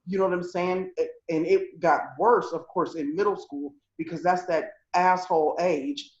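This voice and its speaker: A woman's voice: on the low side, steady tone, moderate pace. A woman co-hosting a podcast, talking bluntly and profanely in casual chat. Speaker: podcast co-host. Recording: echoey, dull lo-fi room sound.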